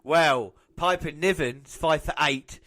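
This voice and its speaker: A man co-hosting a podcast, giving excitable, teasing play-by-play commentary on wrestling and laughing often. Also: a little high, measured pace, dry recording. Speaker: podcast co-host. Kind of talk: casual wrestling watch-along commentary.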